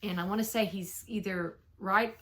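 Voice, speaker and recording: A woman's voice: medium pitch, steady tone, moderate pace, fairly bright tone. Chatty retired woman co-host. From Louisiana, USA. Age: older. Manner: chatty, laughs easily. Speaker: podcast co-host. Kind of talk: casual chat. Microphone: phone on a table.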